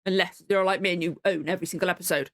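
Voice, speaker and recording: A woman's voice: on the low side, fairly even intonation, rapid-fire. Rambling woman chatting to camera. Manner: rambling, swears often, chatty asides. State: in pain and cold. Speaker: reaction channel host. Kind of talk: casual chat to camera.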